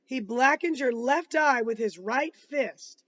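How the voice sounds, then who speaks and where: A man reading aloud, voicing a calm, patient lawyer cross-examining a witness in measured questions. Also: very high-pitched, lo-fi sound, heavily acted. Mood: probing.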